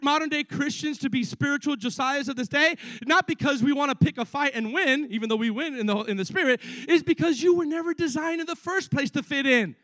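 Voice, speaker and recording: High-voiced excitable male preacher. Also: fast talker, hardly any pauses, no echo. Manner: excitable, repeats words, frequent asides to the congregation. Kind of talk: energetic sermon.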